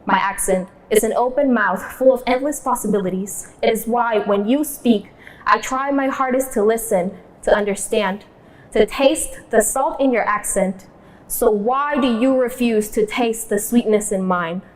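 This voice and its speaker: A woman's voice: on the high side, moderate pace, a little hiss or hum. A young woman performing spoken word poetry in a defiant, rhythmic delivery, mixing in Spanish lines. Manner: defiant, rhythmic, switches between English and Spanish.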